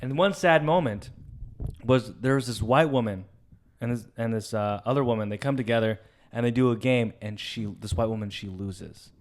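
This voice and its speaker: A young man casually telling a story on a podcast, animated and swearing freely, jumping up in pitch when excited. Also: moderate pace. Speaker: podcast co-host.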